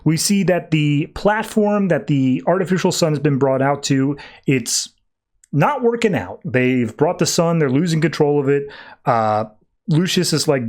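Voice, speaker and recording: Chatty, slightly high-voiced male podcaster. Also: expressive, a little mellow. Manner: chatty, acts out quotes in quick voices. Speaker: podcast host. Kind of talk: casual comic book recap.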